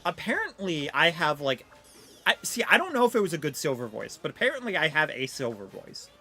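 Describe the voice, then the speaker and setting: Young female streamer, casual and rambling, lively pitch. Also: brisk, slightly rough, soft background music. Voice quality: fairly deep for a woman. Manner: chatty, self-deprecating, many fillers. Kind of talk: casual live-stream chat.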